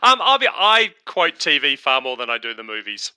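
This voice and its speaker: Bright, smooth-voiced guest, halting and self-deprecating. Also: male voice, mid-range voice, big pitch swings, no echo. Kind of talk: casual chat.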